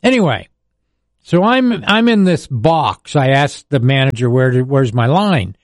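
A man's voice: mid-range voice, animated, unhurried, no room sound, clean studio sound. An older man, a radio sports broadcaster telling rambling stories in casual chat, chuckling often.

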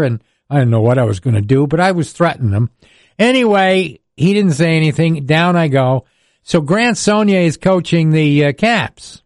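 A man's voice: on the high side, animated, moderate pace, no room sound, studio quality. An older man, a radio sports broadcaster telling rambling stories in casual chat, chuckling often.

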